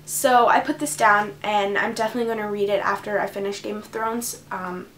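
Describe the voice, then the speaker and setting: A woman's voice: medium pitch, fairly even intonation, brisk, fairly bright tone, a little hiss or hum. A teenage girl chatting to camera about books she plans to read, bubbly and gushing. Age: teens. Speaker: book vlogger. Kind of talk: casual chat to camera.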